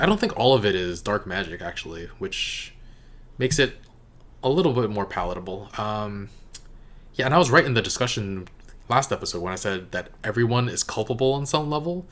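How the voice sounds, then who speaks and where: A man giving casual reaction commentary on an episode, musing aloud in a halting way with frequent fillers and soft laughs. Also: on the low side. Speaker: show reactor and reviewer.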